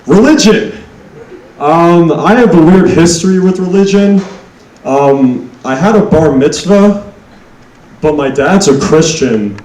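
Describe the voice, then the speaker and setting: A young man works through a stand-up set at an unhurried pace, deadpan and self-mocking. He builds to loud punchlines. His voice sits a little high, and it comes from off the mic in an echoey room. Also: recorded from a distance. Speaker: stand-up comedian.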